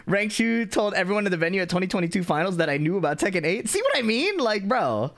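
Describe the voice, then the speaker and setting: A man chatting casually on a live stream, animated and laughing, swearing freely as he talks. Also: sits high, fairly quick. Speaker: streamer and video maker.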